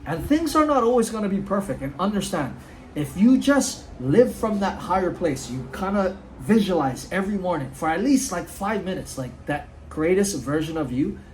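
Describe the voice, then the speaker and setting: A man's voice: high voice, lively intonation, moderate pace, a little mellow, slight background noise, rough recording. A man giving an earnest, casual motivational talk outdoors at home, often saying "dude" and "like". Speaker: motivational vlogger.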